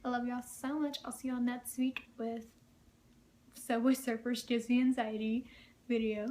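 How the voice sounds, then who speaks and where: A woman's voice: fairly high pitch, little pitch movement, measured pace, darkish tone. A young woman vlogger telling personal stories in a casual, chatty way, full of fillers and frequent laughter. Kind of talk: casual storytelling vlog.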